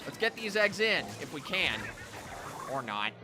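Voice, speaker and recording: A man's voice: on the high side, sing-song, measured pace, music in the background. A young man giving live gameplay commentary as a streamer, chatty, reacting to the game and talking to his chat.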